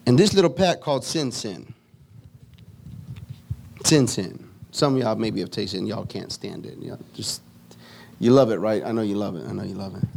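A man preaching a sermon, moving from solemn teaching to lively storytelling. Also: on the low side, normal speed, gravelly, long pauses. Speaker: pastor.

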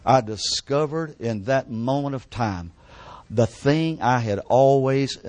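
Older guy preaching in church, fervent and repetitive, goes quiet and hushed at the big moments, dry close sound. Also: medium pitch, takes it slowly, no echo. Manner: fervent, repetitive, drops to hushed whispers at emotional peaks. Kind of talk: sermon testimony. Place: church service.

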